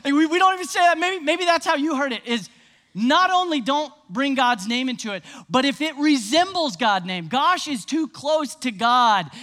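A man preaching a sermon, energetic and conversational with the congregation. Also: very high-pitched. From American South. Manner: energetic, conversational, crowd-rousing. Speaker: pastor.

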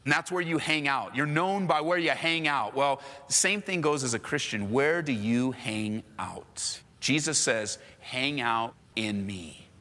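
A male pastor preaches with animated, emphatic repetition, mixing casual slang into his teaching. His voice sits a little high and rings bright and forceful. It carries the long reverb of a big church sanctuary. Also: unhurried. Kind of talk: sermon.

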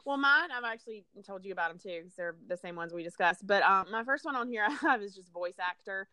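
A woman's voice: mid-range voice, animated, fast, bright, forceful tone, no echo. A woman co-hosting a casual chat, a teacher who talks in a chatty way and laughs often. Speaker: podcast co-host.

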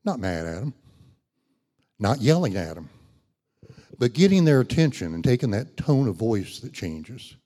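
A man's voice: mid-range voice, big pitch swings, unhurried, pauses often, dark tone. A middle-aged man preaching a sermon, folksy and conversational, rising to emphatic when he reads scripture. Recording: long hall reverb.

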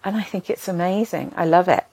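An older woman with a low, gravelly voice tells a chatty, rambling story and pokes fun at herself along the way. The recording is close and dry, with no room sound around her. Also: fairly quick, darkish tone, no echo. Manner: chatty, rambling, self-deprecating. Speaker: vlogger. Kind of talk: casual storytelling.

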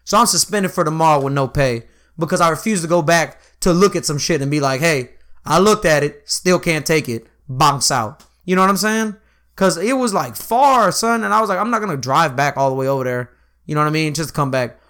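Here a young man with a voice on the high side rattles off a long story about work, talking fast in a casual chat. He curses, acts out what people said, and leans on "you know what I'm saying" as filler.

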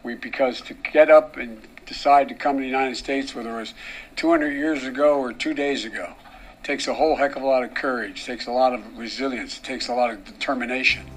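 An older male politician giving a campaign speech, halting and restarting often. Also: medium pitch, fairly even intonation.

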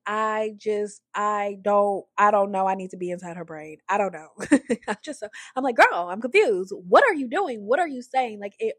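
Chatty, opinionated woman, husky voice. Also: mid-range voice, a bit bright, dry recording, clean studio sound. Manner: chatty and opinionated, with frequent "like" and restarts; acts out the people she discusses in raised voices. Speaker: reality TV commentator. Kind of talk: casual recap commentary.

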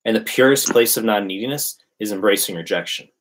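Emphatic husky-voiced man coaching. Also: on the low side, fairly quick. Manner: emphatic, preachy, animated. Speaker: dating coach. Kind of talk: casual podcast chat.

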